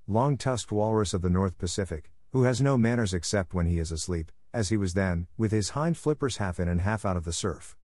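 A man with a fairly low voice reads a classic animal story aloud. His delivery is measured and clear, suited to listeners learning English. The recording is dry and close, with no room echo. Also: darkish tone. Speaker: audiobook reader. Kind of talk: scripted storybook narration.

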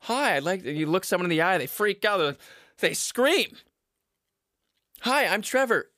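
A man's voice: sits high, animated, fairly quick, pushed and bright, no echo, clean studio sound. A man in his twenties rambling crudely at home to his viewers, often laughing at his own jokes and stumbling over his words. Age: 20s. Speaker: vlogger giving dating advice. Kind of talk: casual rambling monologue to camera.

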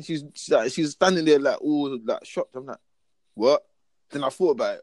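A young man with a voice on the high side chats casually on a podcast at normal speed, heavy on slang and constantly asking if you get what he's saying. He tells stories animatedly, acting out his own lines, and there's no room sound.

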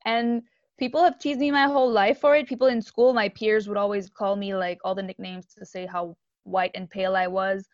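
A woman's voice: mid-range voice, fairly quick, no room sound. A woman from Haiti, a musician guest, talking candidly and animatedly in a casual interview over a video call. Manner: candid and animated, with frequent fillers and laughs. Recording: dull lo-fi video call audio.

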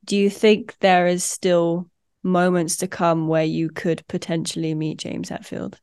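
A woman's voice: lowish voice, level tone, unhurried, darkish tone, smooth. A woman hosting a podcast, asking a guest questions in a casual interview. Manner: brief, encouraging interjections and questions. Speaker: podcast host.

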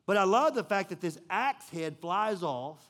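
Guy with a pretty high voice preaching, super casual and rambly, lots of fillers. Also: animated, normal speed, fairly bright tone. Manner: casual, conversational storytelling with many fillers. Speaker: pastor. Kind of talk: sermon.

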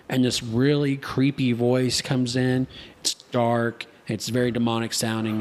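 A man's voice: mid-range voice, level tone, fairly quick. A man co-hosting a casual podcast in a studio, telling stories in a rambling way with many restarts. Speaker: podcast co-host.

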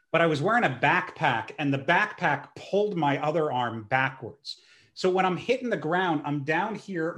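A young man telling a story in a casual chat, animated and self-mocking. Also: fairly high pitch.

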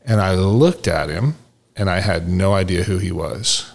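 Man, very low voice, podcast host, casual storytelling, acts out quoted dialogue. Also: a little slow, gravelly.

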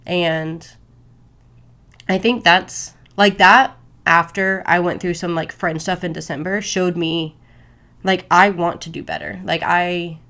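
A woman's voice: fairly low pitch, fairly even intonation, takes it slowly, bright, forceful tone. A young woman hosting a solo podcast, talking candidly and casually with lots of "like" fillers. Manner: candid, conversational, many "like" fillers. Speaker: podcast host.

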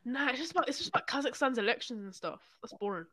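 A young man, co-hosting a casual podcast chat, animated and sweary as he tells stories. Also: extremely high pitch, racing, a little hiss or hum. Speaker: podcast co-host.

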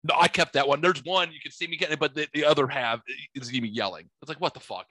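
A man's voice: a little high, quick pace, bright, forceful tone, no room sound. A man hosting a podcast, telling rambling, profane stories in casual chat. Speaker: podcast host. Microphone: studio microphone.

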